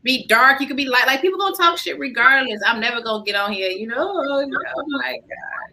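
A woman co-host in a casual chat, blunt and loudly profane. Her voice sits a little high and sounds bright and forceful. She keeps things animated. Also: quick pace, low-quality recording.

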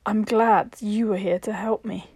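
A woman voicing a fragile, haunted young woman who speaks in hushed, breathy whispers in a told story. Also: mid-range voice, fairly even intonation, unhurried, no room sound.

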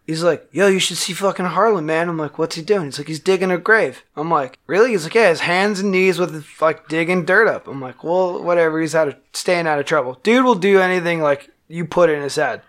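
A man, a band musician, telling a wild story in casual, profane talk, acting out the quotes loudly. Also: on the high side, fairly quick, hardly any pauses.

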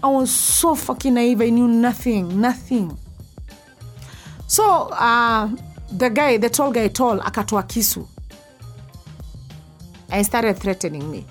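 Young woman, first-person storyteller, candid and intense, slightly high, faint music underneath. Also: takes it slowly, pauses often. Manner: candid, intense, drops to a hushed voice at scary parts.

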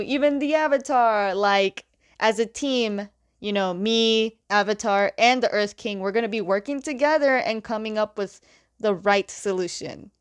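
A woman's voice: mid-range voice, smooth, lightly acted. A woman voicing a stubborn, conflicted young male ruler as she retells a story, talking in a defiant, indignant way.

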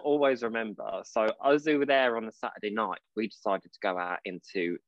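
A man from Portsmouth, chatting casually as a podcast co-host, telling lively stories and acting out voices. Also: fairly low pitch, brisk, lo-fi sound. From Portsmouth, England. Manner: chatty storyteller, calls his partner babe, acts out voices in quotes. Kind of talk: casual chat.

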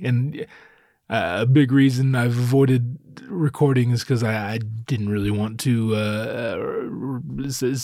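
A man's voice: mid-range voice, darkish tone, no echo, clean studio sound. A man hosting his own podcast solo, a little out of breath, talking in a profane, rambling way and making darkly self-mocking jokes. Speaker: podcast host. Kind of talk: casual solo podcast monologue.

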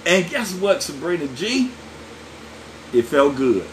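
A man preaching with a swinging, animated voice that sits a little higher than most. He keeps it folksy and chatty, tossing asides straight to his listeners. A faint hiss of noise sits under the recording. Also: slow pace. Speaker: pastor. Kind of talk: sermon.

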